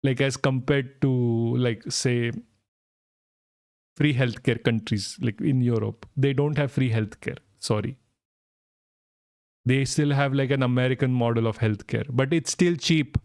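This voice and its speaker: A man's voice: medium pitch, steady tone, measured pace, a little mellow, no echo, clean studio sound. A young man from India streaming, reading news aloud and reacting with sarcastic, swearing commentary and bursts of disbelieving laughter.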